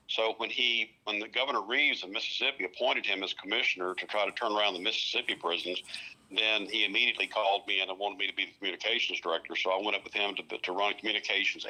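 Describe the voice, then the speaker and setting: Bright-voiced man rambling as a guest. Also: fairly low pitch, rough recording. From North Louisiana. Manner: rambling, many fillers and restarts. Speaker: guest, prison communications director. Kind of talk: casual interview chat.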